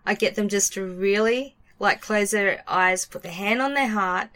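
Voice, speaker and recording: Woman podcast coach, mid pitch, relaxed, chatty explainer. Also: moderate pace. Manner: relaxed, explains things at length with casual fillers. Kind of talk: casual chat.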